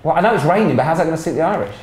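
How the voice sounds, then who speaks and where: A man's voice: a little high, rapid-fire. A man, bantering and teasing his guest while playing a football video game. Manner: teasing, jokey, lively. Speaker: comedian and channel host. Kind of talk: casual banter while gaming. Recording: roomy echo with faint room noise.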